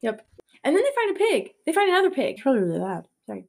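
A woman co-hosting a casual book podcast, talking in an animated way and acting out characters' lines in quick voices. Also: high voice, vocal fry. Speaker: podcast co-host.

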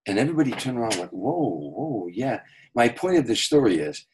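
An older male entertainer telling lively anecdotes as a guest in an interview, with a husky voice. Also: mid-range voice, very fast, low-quality recording. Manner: animated anecdotes with quoted voices. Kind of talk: storytelling in a podcast interview.

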